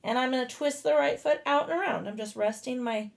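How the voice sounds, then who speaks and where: A woman yoga instructor guiding a class out loud, casual and profane, breaking off into blunt joking rants. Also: sits high, fairly quick, gravelly. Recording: echoey room.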